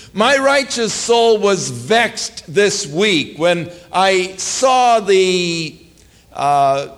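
Pastor, man, earnest sermon delivery, slightly raised voice, animated pitch.

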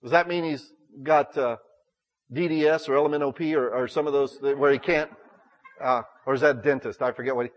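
A man's voice: medium pitch, steady tone, brisk, big-room sound. A middle-aged male pastor preaching a sermon in a church, folksy and jokey, acting out little quoted exchanges.

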